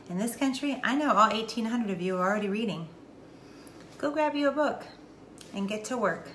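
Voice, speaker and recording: A woman's voice: fairly high pitch, expressive, normal speed, pauses often, fairly bright tone. A middle-aged woman talking casually to her followers, emphatic and preachy, repeating her key points. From Texas. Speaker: wellness vlogger. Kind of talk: casual direct-to-camera talk. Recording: echoey room, faint noise.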